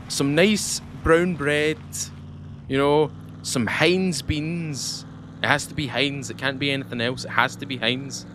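A man from the UK chatting excitedly to viewers while playing a game. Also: fairly high pitch, a little hiss or hum. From United Kingdom. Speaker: gaming channel host. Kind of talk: casual gameplay commentary.

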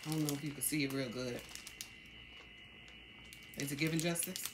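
At home, a middle-aged woman with a low voice vlogs about her shopping haul in a casual way. Her speech is loose and halting, packed with ums and restarts, over a steady background hiss.

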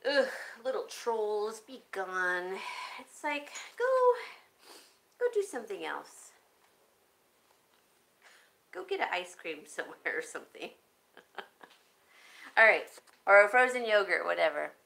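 Very animated, creaky and sharp-toned, this woman's mid-range voice comes through a low-quality recording. She chats casually on a live stream while showing jewelry, unhurried and muttering to herself as she fiddles with her phone.

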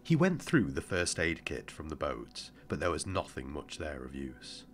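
A man with a very deep voice narrates an audiobook in a measured, somber way. His delivery moves expressively up and down. Soft music sits faintly beneath him. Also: big pitch swings.

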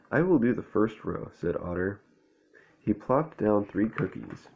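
A man's voice: fairly low pitch, warm tone. A young man reading a children's book aloud with laid-back, profane, slangy commentary. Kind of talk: casual read-aloud with crude commentary. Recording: tinny phone-like sound.

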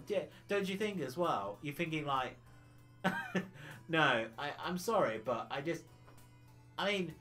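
A man's voice: on the high side, very animated, slow, long pauses, sharp tone, soft background music. A man from the UK chatting casually on a retro gaming livestream, rambling and laughing often.

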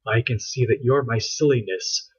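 A man voicing a determined, bossy girl scientist, close to his own husky voice, on a dull lo-fi recording. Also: mid-range voice, natural voice. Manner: brisk, matter-of-fact, near his own voice.

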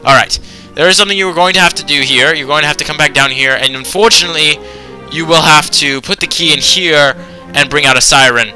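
A man's voice: fairly high pitch, quick pace, pushed and bright, faint music behind. A young man giving casual let's-play commentary on a video game, rambling along with lots of ums and anyways.

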